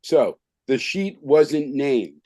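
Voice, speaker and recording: Slow, mellow-voiced male trainer. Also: medium pitch, expressive, no echo. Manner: informal, fills talk with "okay" and "right". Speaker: skills trainer. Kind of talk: teaching an online class.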